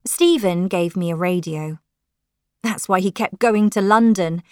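Woman reading a novel aloud in first person, slow and feeling, dry close mic. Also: on the low side, no room sound. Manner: slow, emotive storytelling. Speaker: audiobook narrator.

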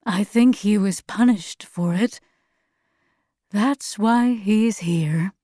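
A woman voicing a sick, gentle mother who speaks softly and slowly. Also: a little high, dry recording, studio quality. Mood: weary. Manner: soft, slow and weary.

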